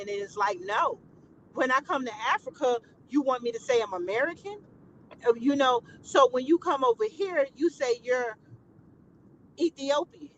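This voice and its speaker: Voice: mid-range voice, a bit bright, lo-fi sound, a little hiss or hum. A live stream co-host in casual political talk, explaining through examples and pressing a point.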